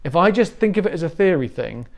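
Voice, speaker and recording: A man's voice: on the high side, sing-song, fast talker. A middle-aged Englishman giving a conversational sermon as a pastor, telling stories with self-deprecating humor.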